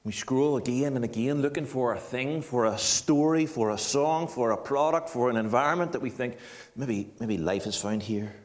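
A man preaching a sermon, animated and shifting between quiet earnest talk and loud mocking asides. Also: mid-range voice, moderate pace, hardly any pauses.

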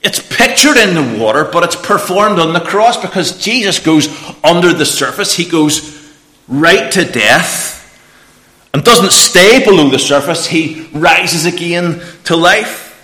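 A man preaching a lively children's talk in church, asking the children questions. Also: on the high side, a little slow. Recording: echoey church room.

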